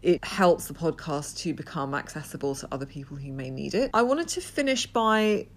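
A woman's voice: deep voice, animated, moderate pace. A woman hosting a solo podcast, talking earnestly and often repeating words as she restarts. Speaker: podcast host.

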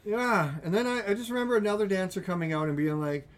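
A man's voice: high voice, animated, fast. A man hosting a podcast, telling a long party story in a rambling way and laughing as he goes. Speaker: podcast host. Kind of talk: casual storytelling chat.

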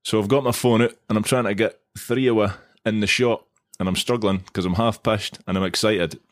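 A Scottish man with a very low voice spins a rambling, self-mocking tale for his podcast co-host. He talks in a loose, chatty way, and the recording is dry and close. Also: fairly even intonation, brisk, dry recording. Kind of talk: casual storytelling chat.

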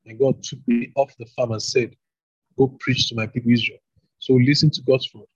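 Guy reading bible verses fast, kinda husky, dull lo-fi dry sound. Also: medium pitch, little pitch movement, dry recording. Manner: brisk, hurried reading. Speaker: scripture reader. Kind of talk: reading scripture aloud.

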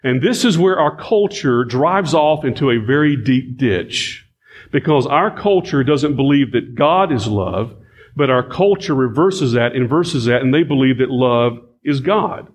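A man's voice: medium pitch, animated, a little slow, slightly rough. A man preaching a sermon, reading scripture and repeating key phrases with emphasis as he addresses the congregation.

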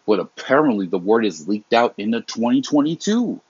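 A young man talks in a heated, rambling way, swears freely and restarts his sentences often. His voice is low and husky. The recording is dry and dull, with a lo-fi tone. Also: sing-song, moderate pace, a little mellow, no room sound. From immigrant family. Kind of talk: casual unscripted monologue.

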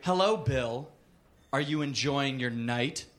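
A man putting on the low, taunting voice of a vengeful woman in a comedic story reading. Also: sing-song, a little slow, sharp tone, exaggerated voice. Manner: low, cold, taunting delivery. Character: vengeful menacing woman, calm and cold. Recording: noisy live club recording.

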